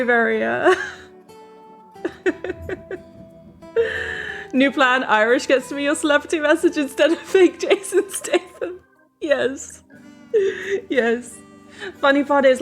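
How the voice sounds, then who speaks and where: A woman's voice: fairly high pitch, creaky. A woman streamer chatting live to viewers in a giggly, emotional way, often laughing through tears. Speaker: game streamer.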